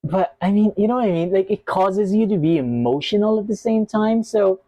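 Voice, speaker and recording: A man's voice: high voice, moderate pace, warm tone, no echo, low-quality recording. A man hosting a reaction video, talking casually and emotionally straight to his viewers and gushing over what he hears.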